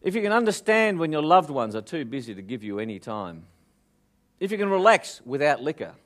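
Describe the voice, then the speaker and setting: Australian male speaker, lively joke-teller, fairly high voice. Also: brisk. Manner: lively joke-telling, audience questions. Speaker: motivational speaker. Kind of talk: live motivational talk with jokes.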